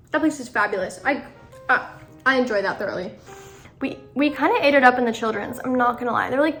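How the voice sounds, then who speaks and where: A woman's voice: fairly high pitch, sharp tone. A teenage girl giving a casual, dramatic and self-mocking recap of her horse shows, full of fillers. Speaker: equestrian vlogger. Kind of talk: casual chat. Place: outdoors in snow at a horse show.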